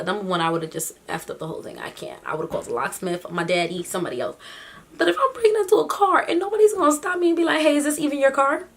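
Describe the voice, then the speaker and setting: Her medium-pitched voice carries casual reaction commentary for her vlog, full of disbelief and animation, with laughter breaking out between remarks.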